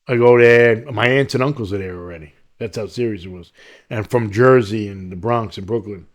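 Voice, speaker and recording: This podcast guest from New York has a fairly low voice and a brisk delivery as he narrates his life story, lively throughout and voicing the words of the people in it.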